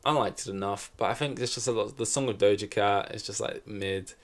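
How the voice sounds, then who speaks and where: Male podcast host, solo, loose and chatty, trips over himself, sits a bit low. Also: brisk. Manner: rambling, self-correcting, swears casually. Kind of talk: casual solo chat. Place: in front of a camera.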